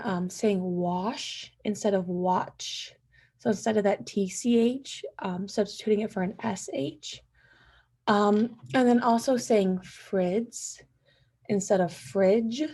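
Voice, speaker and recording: A woman's voice: medium pitch, warm tone, husky. A young woman giving a class presentation, hesitant, with frequent ums and likes. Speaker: student presenter.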